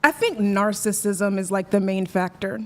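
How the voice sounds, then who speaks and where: Earnest woman caller, middle pitch. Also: moderate pace. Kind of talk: casual call-in chat.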